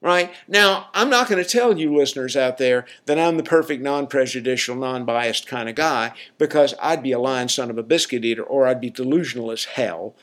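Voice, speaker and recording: Southern-accented man, casual rambling monologue host, mid-pitched voice. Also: fairly quick, few pauses, a bit bright. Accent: Southern American. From Southern United States. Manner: rambling, colloquial, talks to listeners with frequent "right?".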